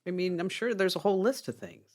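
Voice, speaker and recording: A woman's voice: fairly low pitch, fast. A woman hosting a casual tech podcast, laughing easily and telling a long joke. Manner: animated, laughs easily, tells jokes. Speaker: podcast host.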